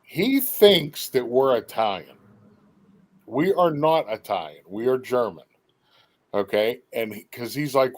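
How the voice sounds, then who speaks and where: A man's voice: mid-range voice, lively intonation, takes it slowly. A man as a guest on a livestream, casually telling teasing stories. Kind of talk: casual chat.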